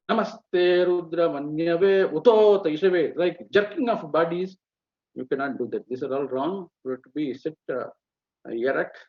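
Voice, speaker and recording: A man's voice: fairly high pitch, slightly rough. Indian man teaching Vedic chanting. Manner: halting, many fillers, demonstrates chants mid-sentence. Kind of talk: spoken lecture on chanting rules. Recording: muffled webinar audio.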